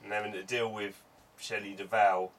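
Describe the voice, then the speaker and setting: A man's voice: fairly low pitch, flat delivery, normal speed, fairly bright tone, distant mic. A man, co-hosting a casual chat in a blunt, sweary way. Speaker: podcast co-host.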